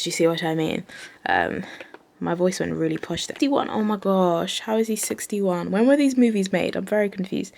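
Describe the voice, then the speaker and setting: A young woman chatting casually in a reading vlog, rambling with many fillers and quick asides. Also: mid-range voice, creaky, darkish tone, a little hiss or hum. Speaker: book vlogger. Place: bedroom at night.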